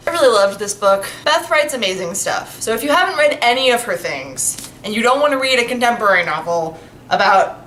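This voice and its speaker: Female book vlogger, bright tone, chatty and effusive, casual delivery. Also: fairly high pitch, animated, brisk, slight background noise. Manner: gushing, chatty, lots of "like" fillers. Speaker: book reviewer. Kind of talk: casual vlog chat.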